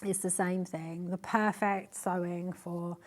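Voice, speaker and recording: A woman's voice: lowish voice, little pitch movement, takes it slowly. A woman demonstrating hand sewing on a live TV show, explaining step by step with chatty asides. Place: TV studio.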